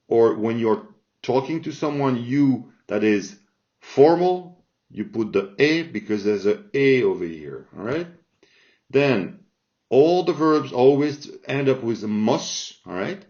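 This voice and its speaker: Slow man teaching grammar, lo-fi sound. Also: medium pitch, lively intonation, a little mellow. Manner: slow, repeats forms, checks in with "all right?". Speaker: Spanish teacher. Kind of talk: explaining grammar from a chart. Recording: dull lo-fi sound.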